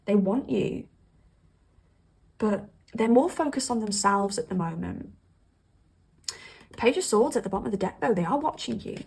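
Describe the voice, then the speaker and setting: Woman tarot reader, casual and emphatic, husky gravelly voice. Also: mid-range voice, expressive, normal speed, long pauses, a little mellow. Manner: chatty, emphatic, laughs often. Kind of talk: casual tarot reading to camera.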